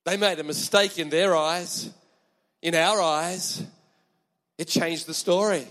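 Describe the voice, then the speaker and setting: High-voiced preacher in an echoey hall. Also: male voice, takes it slowly. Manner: animated, emphatic, chatty asides to the congregation. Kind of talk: sermon.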